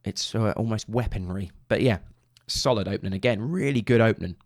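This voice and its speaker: Chatty young drummer from Suffolk. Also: male voice, fairly low pitch, brisk. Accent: Suffolk English. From England (Suffolk). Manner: chatty and rambling, enthusiastic bursts, hums drum rhythms. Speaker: drummer reacting to anime openings. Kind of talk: casual reaction commentary. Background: faint music from the videos.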